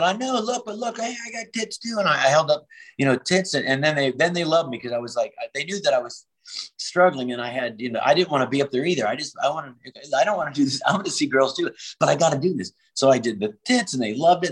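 A prop comedian in his fifties, a guest in a casual interview, tells road stories in a medium-pitched, slightly rough voice. He acts out the voices he quotes and swears freely, and the recording is low quality.

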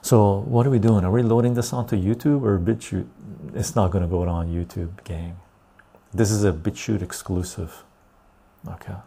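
A low-pitched man with a dark, rough, fry-edged voice hosts a casual talk show. He tells stories and rants bluntly, often tagging his points with "right?". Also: steady tone, moderate pace. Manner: blunt, ranting, loose storytelling with frequent "right?". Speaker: podcast host.

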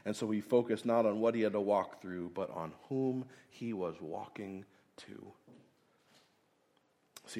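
A male pastor giving a conversational sermon, moving between loud emphasis and hushed, intense passages. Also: deep voice, gravelly.

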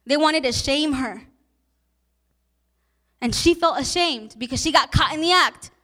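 A woman pastor preaching a sermon with passion, repeating lines and asking the listeners questions, at times turning soft and emotional. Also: sits high, takes it slowly, pauses often.

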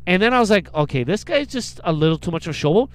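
Man, high smooth voice, casual comedic storytelling, animated, mimics other people. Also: fast, dry recording. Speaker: storyteller co-host.

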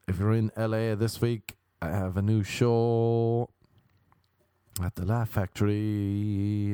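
A man's voice: on the low side, warm tone, smooth, no echo, studio quality. A young Irish man hosting a comic podcast, rambling through self-mocking stories and plugs with jokey asides. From Ireland. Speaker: podcast host and comedian.

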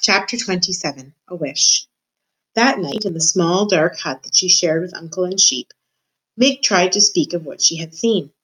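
A woman reads a children's novel aloud with steady, expressive storytelling. Her voice sits slightly low for a woman. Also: moderate pace, slightly rough, rough recording. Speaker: reader.

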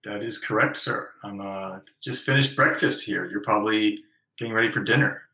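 Middle-aged American man, interview guest on a remote call, bright forceful voice, roomy sound, chatty and self-deprecating. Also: lowish voice, moderate pace. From Northeast US. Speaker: guest author. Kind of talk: casual interview over a call. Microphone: remote call from abroad.

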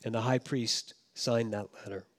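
A man preaching a sermon as pastor, swinging from loud emphasis down to hushed, quiet tones. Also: mid-range voice, fairly even intonation, moderate pace. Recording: long hall reverb.

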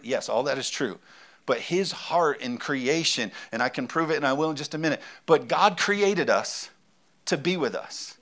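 A man's voice: medium pitch, lively intonation, normal speed, fairly bright tone. A man preaching a sermon as pastor, talking in a conversational, emphatic way and repeating his key phrases.

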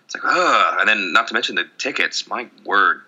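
A man's voice: lowish voice, animated, normal speed, pushed and bright, lo-fi sound. A young man co-hosting a casual podcast, joking and ranting with lots of swearing. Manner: rambling, profane, jokey rants. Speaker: podcast co-host. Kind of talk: casual chat.

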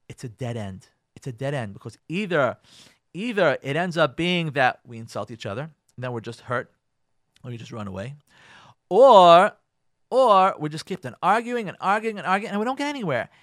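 A rabbi gives an animated radio lecture at a moderate pace, his high, bright voice swooping as he plays out arguments between husbands and wives. He sprinkles in Hebrew and Yiddish words, and the audio is close and dry, without any room sound.

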